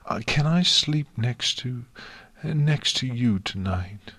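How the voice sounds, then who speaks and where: A frightened young unicorn mare, her voice lifted well above a deep reader's tone, whimpering and sniffling through her words, as a man puts her on. She speaks slowly and shakily in a dry, close storybook reading. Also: lively intonation, fairly bright tone, no echo. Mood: tearful. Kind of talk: audiobook fan fiction reading.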